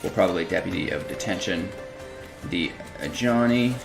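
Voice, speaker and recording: A man with a fairly low voice talks casually through a card game, thinking aloud in an easy, unhurried way. Music plays clearly beneath his commentary. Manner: relaxed, musing, thinks aloud while playing. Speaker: gameplay streamer.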